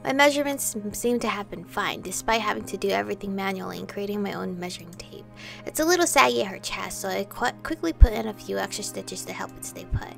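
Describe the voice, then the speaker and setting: A woman reading a romance visual novel aloud, expressive and excitable, breaking into sweary reactions. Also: medium pitch, quick pace, vocal fry, soft background music.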